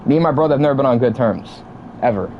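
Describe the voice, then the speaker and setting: A man's voice: mid-range voice, lively intonation, rapid-fire, dull audio, slight background noise. A young man in his twenties venting casually to his stream chat, heated and profane, repeating himself as he talks. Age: 20s. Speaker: livestream gamer.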